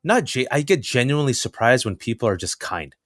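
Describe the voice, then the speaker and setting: A man guest telling stories in an animated, joking way, talking in quick bursts with restarts. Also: mid-range voice, no room sound, clean studio sound. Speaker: writer and guest. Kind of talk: casual storytelling interview.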